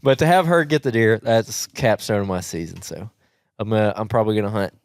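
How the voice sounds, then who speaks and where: A man chats casually on a podcast, his voice pitched on the low side. He tells stories in an easygoing way, restarting sentences as he goes. The sound is dry and close. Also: a little fast, no room sound. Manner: laid-back storytelling with frequent restarts. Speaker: podcast co-host. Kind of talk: casual chat.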